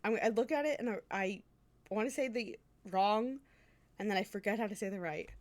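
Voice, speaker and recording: A woman streamer playing a game and reading it aloud, excitable and self-deprecating. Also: mid-range voice, fairly quick, a little hiss or hum. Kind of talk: let's play, reading game text aloud.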